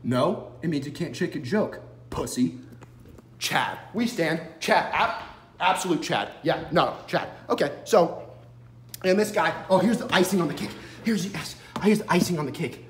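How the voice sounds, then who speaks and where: A man doing a loud, profane comedic rant into a phone on a selfie stick, swearing and laughing as he stammers through his points. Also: on the high side, animated, moderate pace, roomy sound, slight background noise. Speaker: vlogger.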